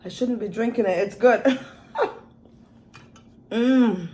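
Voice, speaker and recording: Eating on camera, this young mukbang vlogger talks in a relaxed way, her words broken up by many savoring hums. She speaks slowly in a mellow, fairly high voice.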